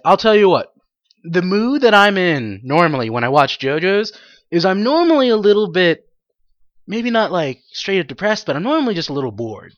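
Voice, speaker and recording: Young adult podcast host, casual solo monologue, excitable, rambling, swears, laughs a lot, dry dull lo-fi recording. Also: medium pitch, no echo.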